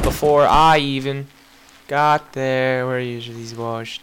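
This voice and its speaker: An excitable young man talks through a game at a slow, unhurried pace and yelps at each setback. His voice sits at a middle pitch. A faint hiss runs under the home mic. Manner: excitable, yelps and shouts at in-game deaths, apologizes to characters. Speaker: gameplay commentator. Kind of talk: casual gaming commentary.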